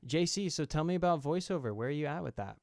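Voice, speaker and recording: A man's voice: on the high side, animated, fast, darkish tone, dry recording, studio quality. A man hosting a casual chat, encouraging and inviting others to speak. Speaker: host.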